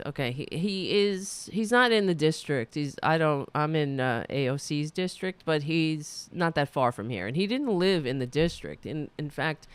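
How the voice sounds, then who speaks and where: A woman hosting a solo political commentary show, rambling and ranting with indignation. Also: low-pitched. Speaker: podcast host.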